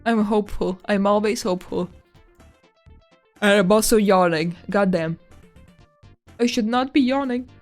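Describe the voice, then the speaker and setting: Slow-talking excitable woman streamer. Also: mid-range voice, soft background music. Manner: excitable, squeals at animals, swears casually. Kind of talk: casual live-stream chatter.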